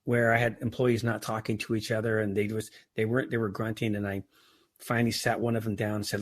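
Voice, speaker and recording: A man's voice: fairly low pitch, flat delivery, fast. A man as a podcast guest, talking earnestly and telling anecdotes in a conversational interview. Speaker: podcast guest, entrepreneur and author.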